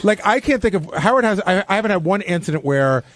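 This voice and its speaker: A man's voice: high voice, expressive, quick pace. Probing man asking pointed questions. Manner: probing, fumbling restarts. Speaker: radio show host. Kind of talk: probing radio interview questions.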